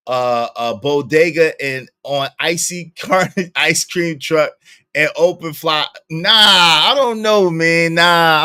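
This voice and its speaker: A young man with a Brooklyn accent, giving slangy, animated live-stream commentary and laughing often. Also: fairly high pitch, smooth, no echo, studio quality. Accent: Brooklyn New York. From Brooklyn, New York. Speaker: streamer reacting to a show.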